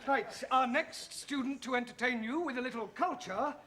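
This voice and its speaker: A man's voice: very high voice, moderate pace. An actor playing a polite, slightly flustered English teacher who corrects his students in a sitcom. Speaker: evening-class English teacher. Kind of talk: 1970s studio sitcom acting. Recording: noisy TV sound with studio audience laughter.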